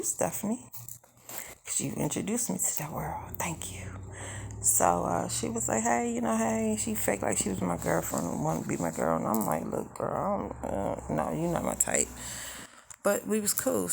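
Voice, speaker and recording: A young adult woman tells her life story to the camera in a frank, unpolished, conversational way. Her voice sits low and carries a heavy rasp of vocal fry. She speaks bluntly, as if talking to friends. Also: slight background noise. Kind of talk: casual first-person life story.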